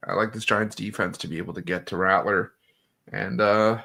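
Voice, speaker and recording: Deep gravelly dude w/ a sharp bright tone, um-ing through his picks. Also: steady tone, moderate pace. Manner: hesitant, many fillers. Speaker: co-host. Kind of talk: casual sports betting chat.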